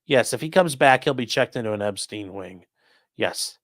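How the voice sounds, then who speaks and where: A man's voice: mid-range voice, lively intonation, moderate pace, fairly bright tone, dry recording, clean studio sound. A man hosting a crime news livestream, talking casually and bluntly, swearing now and then and reading viewer comments aloud. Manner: blunt, profane, reads chat aloud. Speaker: livestream host.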